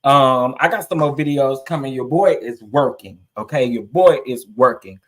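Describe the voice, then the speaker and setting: A man's voice: medium pitch, moderate pace. A man vlogging casually to his viewers, emphatic and emotional, greeting people in the chat. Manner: emphatic, preachy, greets live chatters, emotional.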